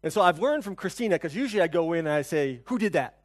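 A male pastor giving a conversational sermon, telling stories, asking the congregation questions, and swinging between soft and loud. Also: a little high, lively intonation, quick pace. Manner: storytelling, asks the congregation questions.

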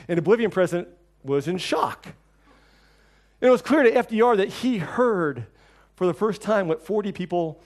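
A middle-aged man preaching a sermon, telling stories and acting out quoted voices with lively shifts. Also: moderate pace. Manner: storytelling, acts out quoted voices with lively shifts in pitch and level. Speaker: pastor.

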